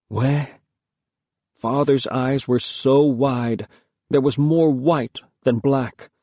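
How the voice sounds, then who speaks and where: A man with a mid-range voice narrates a first-person audiobook, measured and expressive in his storytelling. The recording has no echo.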